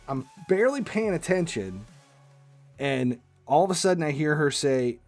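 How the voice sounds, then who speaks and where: A man hosting a livestream, telling a casual anecdote in an animated, exasperated way with casual swearing. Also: on the high side, normal speed, faint music behind. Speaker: livestream host. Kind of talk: casual storytelling.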